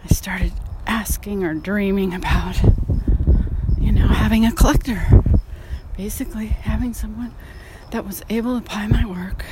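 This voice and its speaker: A woman's voice: medium pitch, steady tone, moderate pace, very noisy. A woman painter talking frankly while walking outdoors, sighing and swearing casually, a bit out of breath. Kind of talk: casual vlog monologue.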